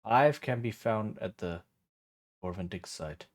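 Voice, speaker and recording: A man's voice: lowish voice, a little slow. A man streaming a game, chatting casually and thinking aloud in a rambling way.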